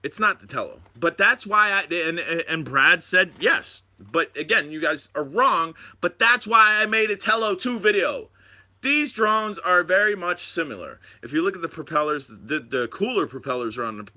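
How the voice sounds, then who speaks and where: Man, live stream host, lively pitch, bright tense tone, rambling, at home. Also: normal speed. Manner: excited, rambling, talks to viewers. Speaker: drone channel host.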